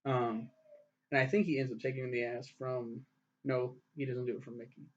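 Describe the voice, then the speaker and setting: A man's voice: mid-range voice, flat delivery, a little fast. A young man casually reviewing a TV show, rambling and ranting with lots of swearing. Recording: dull lo-fi recording.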